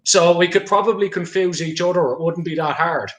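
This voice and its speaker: High-voiced Irish man hosting a livestream. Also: a little fast, a bit bright. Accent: Irish, County Clare. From Ireland. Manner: chatty, swears casually, reads out viewer comments. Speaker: livestream host. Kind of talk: casual livestream chat.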